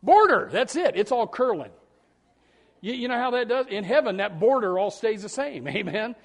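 A male pastor preaching a folksy, rambling sermon that swells into loud shouts. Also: sits high, big pitch swings, normal speed, gravelly.

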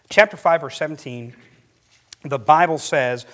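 Preaching at a normal pace, a middle-aged male pastor speaks in a voice on the higher side. He animates his sermon with stories, lifting his voice for the lines he quotes.

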